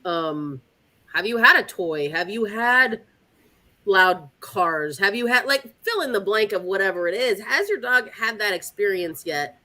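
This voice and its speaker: A woman's voice: medium pitch, a little slow. A woman dog trainer hosting a casual chat, telling stories animatedly and acting out her dog's thoughts. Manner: animated storyteller, acts out her dog's voice with giggles. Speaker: dog trainer and podcast host.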